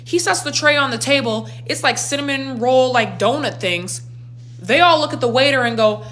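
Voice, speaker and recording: A woman in her twenties telling a storytime in a slangy, animated way with big reactions. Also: on the high side, brisk, slight background noise. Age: 20s. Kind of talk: storytime vlog.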